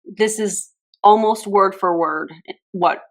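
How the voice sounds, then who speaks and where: A woman's voice: mid-range voice, takes it slowly. A woman talking casually as she reacts to old footage, in an everyday mid-range voice. Her asides are dry and sarcastic, tossed off to her viewers.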